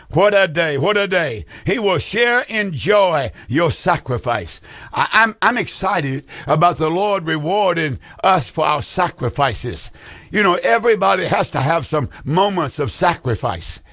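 A man's voice: fairly high pitch, fairly bright tone, no echo, studio quality. A male pastor, preaching fervently on a radio call-in program in a sing-song drawl, repeating his rhetorical questions.

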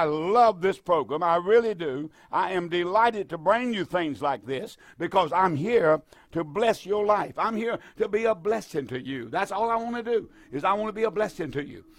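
A man's voice: high voice, animated, normal speed, hardly any pauses. A man hosting a radio call-in program as a pastor, preaching emphatically and repeating his key phrases.

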